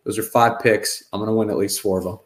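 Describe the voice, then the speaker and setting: A man's voice: lowish voice, fairly even intonation, fast talker. A man co-hosting a casual sports podcast and rattling off confident betting picks. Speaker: podcast co-host.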